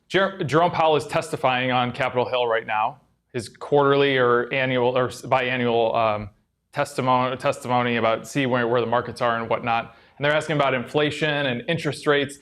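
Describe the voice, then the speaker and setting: Male co-host, mid-pitched voice, chatty market talk, frequent restarts. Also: steady tone, fairly quick, a bit bright. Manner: chatty, restarts sentences often. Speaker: livestream co-host. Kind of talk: casual market talk and banter.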